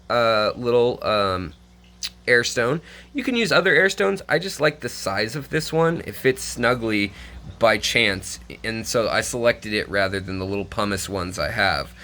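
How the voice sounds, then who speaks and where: A man's voice: lowish voice, a bit bright. A man hosting a casual hands-on tutorial from his home fish room, rambling with frequent fillers and self-corrections. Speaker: aquarium hobbyist channel host.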